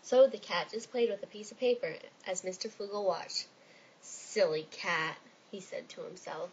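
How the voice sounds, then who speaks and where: A woman reading a children's story aloud in an expressive storytelling manner. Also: mid-range voice, brisk, a little hiss or hum, rough recording. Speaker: reader.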